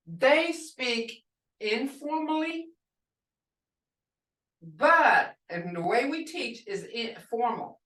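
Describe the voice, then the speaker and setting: A woman teaching a language class over a video call, slowly and patiently repeating phrases for her students. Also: on the high side, fairly bright tone. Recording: echoey room, distant mic.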